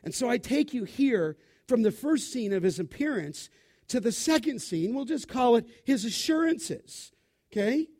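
High-voiced emphatic preacher man. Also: lively intonation, moderate pace. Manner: emphatic, calls out questions to the congregation; swings between loud bursts and quiet asides. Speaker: pastor. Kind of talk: sermon.

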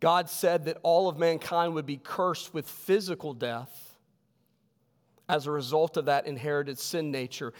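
A male pastor preaching a sermon with emphasis, his voice sinking low on key words. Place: church sanctuary. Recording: long hall reverb.

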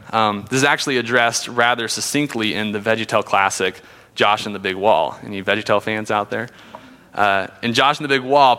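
A man giving a conversational sermon, reading scripture aloud between casual asides. His voice is bright and forward. The sound rings out with a long hall reverb. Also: fairly low pitch. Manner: conversational, with frequent fillers. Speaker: Bible teacher.

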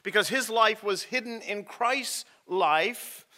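A man preaching a sermon as rector, telling stories with dramatic pauses. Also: high voice, sharp tone.

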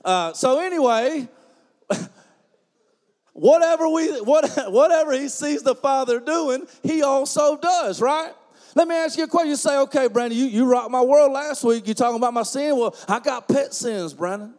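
A man preaching a sermon as pastor, folksy and joking, swinging from quiet asides to loud emphatic preaching. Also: very high-pitched, moderate pace, in a large hall.

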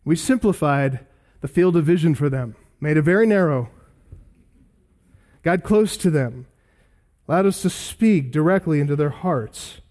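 A middle-aged male pastor delivering a sermon with a high, ringing voice. He preaches earnestly, leaning hard on key words and pausing for effect. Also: darkish tone. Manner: emphatic, earnest preaching with dramatic pauses.

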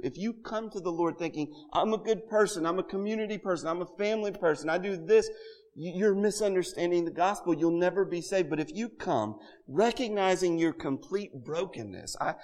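A man's voice: medium pitch, in a large hall. A man preaching an earnest, conversational sermon to a congregation in a church, building to emphatic peaks. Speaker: pastor.

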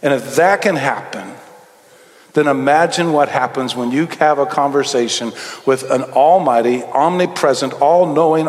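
Middle-aged preacher guy, fairly high voice, storytelling sermon, long church reverb. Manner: storytelling, swings between quick asides and slow emphatic phrases. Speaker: pastor. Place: church sanctuary.

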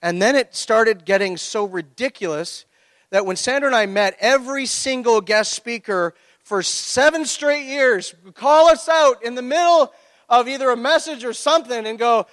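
A pastor preaching a sermon, telling a personal story with lively acted-out reactions. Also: male voice, extremely high pitch, normal speed, no echo, long reverb tail. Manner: animated storytelling, acting out his own reactions. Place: church.

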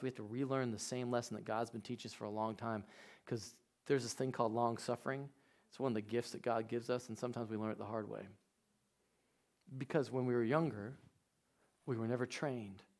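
A male pastor preaching, telling personal stories, dropping to quiet asides and rising to shouted emphasis. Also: mid-range voice. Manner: storytelling, swings from hushed asides to shouted emphasis. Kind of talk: sermon.

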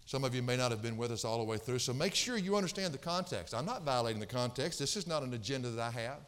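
A pastor preaching an expository sermon, emphatic and repeating phrases to drive points home. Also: male voice, medium pitch, animated, quick pace, fairly bright tone, in a large hall. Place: church sanctuary.

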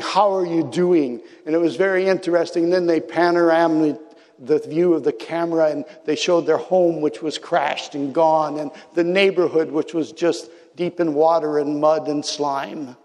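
A man's voice: a little high, steady tone, normal speed, darkish tone, long reverb tail. A man preaching a sermon as a pastor, telling stories in a reflective way and dropping to near-whispers for emphasis.

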